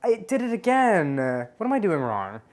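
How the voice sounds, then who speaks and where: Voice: medium pitch, wildly swooping pitch, normal speed, a little mellow. Playful chatty cocktail tutorial host. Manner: chatty and playful, jokes at own expense; savors tastes aloud with hums. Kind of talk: home cooking tutorial.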